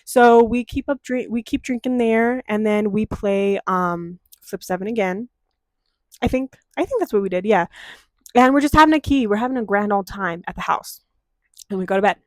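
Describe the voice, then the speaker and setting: Profane, animated young woman telling a story. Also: medium pitch, normal speed, dry recording. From Denver, USA. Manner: animated, profane, dramatic storytelling with quoted voices. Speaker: vlogger. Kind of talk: casual storytime chat.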